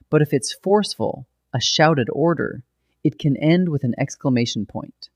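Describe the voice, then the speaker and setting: Steady male grammar teacher, dry sound. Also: fairly high pitch, dry recording, dull audio. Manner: steady, methodical explaining. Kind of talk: scripted instructional narration.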